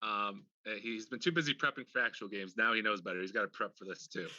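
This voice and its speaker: Teasing, laughing podcast host. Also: male voice, fairly low pitch, fast, sharp tone, no echo, muffled recording. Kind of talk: casual chat. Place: home room, remote video call.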